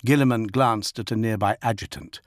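A man narrating an audiobook in an expressive storytelling manner. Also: lowish voice, brisk, no echo, studio quality. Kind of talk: scripted narration.

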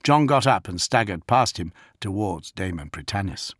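A man reads an audiobook in a steady, even storytelling voice that sits on the low side. The recording is dry and close, with no room sound. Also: normal speed, hardly any pauses, slightly rough, no echo. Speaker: audiobook narrator. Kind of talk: scripted narration.

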